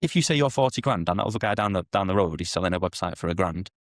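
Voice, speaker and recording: A man, a podcast guest explaining sales in an animated way and acting out client conversations. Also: deep voice, very fast, no room sound, clean studio sound. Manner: animated, acts out sales dialogues in quotes. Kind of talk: podcast interview.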